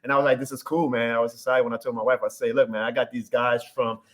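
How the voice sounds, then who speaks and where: A man's voice: medium pitch, quick pace. A man in his thirties from New Orleans with a thick New Orleans accent, telling stories as a podcast guest in an upbeat, earnest way. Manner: animated storyteller, upbeat and earnest. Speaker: guest content creator. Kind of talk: casual podcast chat.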